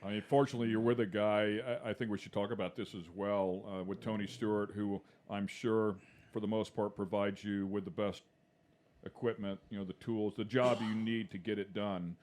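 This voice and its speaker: Low-voiced host with a winding question. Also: male voice, flat delivery, normal speed, a little mellow. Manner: long winding questions with fillers. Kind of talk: casual interview talk.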